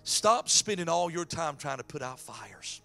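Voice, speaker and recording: A man preaching a sermon as pastor, dropping to whispers and rising to shouts. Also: fairly high pitch, sing-song, measured pace, gravelly, faint music behind. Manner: dramatic swings from hushed whispers to shouting.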